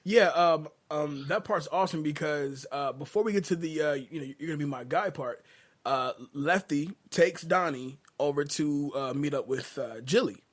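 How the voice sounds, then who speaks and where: A man hosting a casual movie review chat, laid-back and quick to chuckle. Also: on the high side. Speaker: host.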